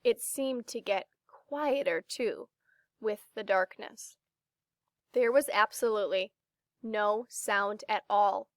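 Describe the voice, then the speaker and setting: A woman reading a children's book aloud, slow and expressive as she narrates. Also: medium pitch, no echo, clean studio sound.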